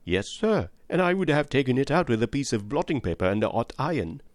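A nervous young housemaid, deferential and hesitant, as a male narrator puts her on. Her answers lift higher than the narration, with a lively lilt and a dry, close sound. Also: brisk, no room sound, close to an everyday voice. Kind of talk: audiobook reading.

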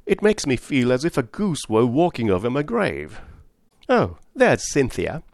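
A man's voice: medium pitch, huge pitch swings, unhurried, vocal fry, darkish tone, no room sound, studio quality, exaggerated voice. A man voicing a bossy elderly lady of the house who talks in a fussy, commanding way.

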